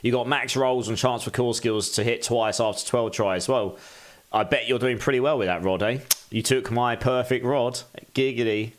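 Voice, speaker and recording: A man's voice: medium pitch, normal speed. A man chatting casually on a live game stream, thanking viewers and speaking candidly.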